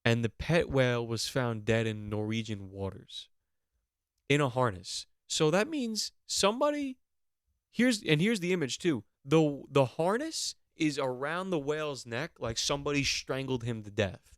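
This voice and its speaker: A man's voice: medium pitch, unhurried, smooth, dry recording. Mock-outraged man ranting, dry sound. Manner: animated, swearing, mock-outraged. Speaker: podcast host. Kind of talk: comedic rant on a podcast.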